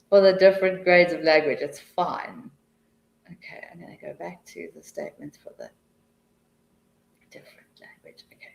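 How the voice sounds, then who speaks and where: A woman presenting a live teacher-training webinar, chatty and full of restarts, muttering quiet asides to herself as she clicks between slides. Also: fairly low pitch, roomy sound, rough recording.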